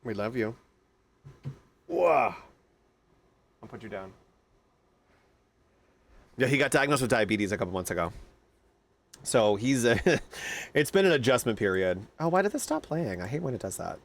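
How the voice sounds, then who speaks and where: A man streaming a game live, chatting casually with loud, excitable outbursts. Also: mid-range voice, normal speed, long pauses. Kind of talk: casual live-stream chat over gameplay.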